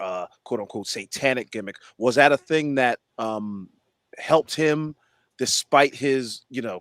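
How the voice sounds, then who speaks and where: A man's voice: medium pitch, a bit bright, no room sound. A man on a wrestling podcast panel asking questions in casual chat, hesitant and full of fillers.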